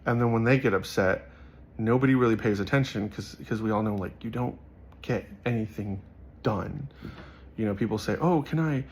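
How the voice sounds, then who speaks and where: A man's voice: on the low side, steady tone, moderate pace, slight background noise. A young man giving casual, earnest commentary on Bible verses, rambling with many fillers. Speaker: Bible study vlogger.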